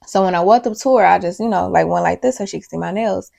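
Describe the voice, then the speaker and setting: Gravelly young woman telling a story. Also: fairly low pitch, fast talker. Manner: casual, profane, animated storytelling. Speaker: vlogger. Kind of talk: storytime vlog.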